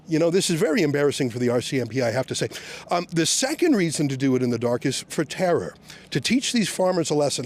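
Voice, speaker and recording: A man reporting on location outdoors, sarcastically shouting questions at police officers. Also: on the high side, sing-song, quick pace. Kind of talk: on-the-scene questioning.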